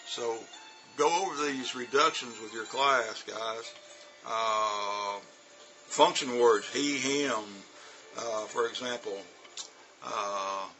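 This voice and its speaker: A man who teaches English talks other teachers through classroom tips in a relaxed, conversational way. He keeps breaking into short spoken examples, and faint music plays behind him. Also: medium pitch, slow pace, low-quality recording. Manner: loose and chatty, demonstrating spoken examples. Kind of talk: casual teaching advice to teachers.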